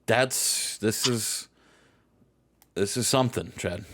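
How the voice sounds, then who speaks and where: A man co-hosting casual gameplay commentary, sarcastic and swearing freely in lively banter. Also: fairly low pitch, slow, background noise. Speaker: co-host.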